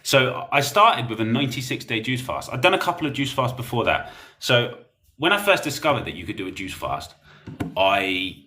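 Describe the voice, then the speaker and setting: A man's voice: medium pitch, big pitch swings, moderate pace, bright, forceful tone. A young man, chatting bluntly and rambling while reading comments on a livestream. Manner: blunt, rambling, laughs often.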